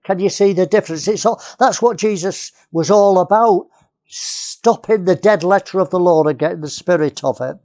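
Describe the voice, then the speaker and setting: A man's voice: high-pitched, moderate pace, dark tone. A man from England preaching a sermon, earnest, repeating key phrases and often restarting.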